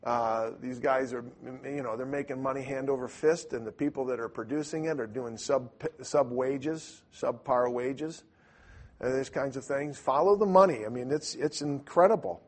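Husky-voiced man preaching with animated stories. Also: mid-range voice, normal speed. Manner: animated storyteller, acts out voices, rises to loud bursts. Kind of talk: sermon-style teaching with storytelling.

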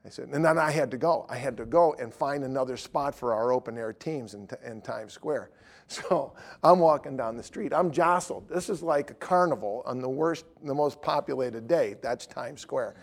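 A middle-aged man, an evangelist, preaching through lively anecdotes and acting out the dialogue. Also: mid-range voice, moderate pace. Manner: lively storytelling, acts out dialogue.

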